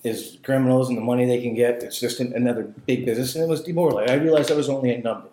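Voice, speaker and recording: A man's voice: mid-range voice, racing. Blunt, swearing man in an echoey room. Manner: blunt, swears a lot, animated when retelling scenes. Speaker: guest telling his life story. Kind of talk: casual storytelling chat.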